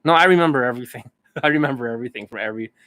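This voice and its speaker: A man of medium pitch holds forth as a dating coach in a loose, casual monologue. He swears freely and mocks his students, slipping into higher voices to imitate them. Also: very fast, a bit bright. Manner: profane, mocking, acts out students in raised voices.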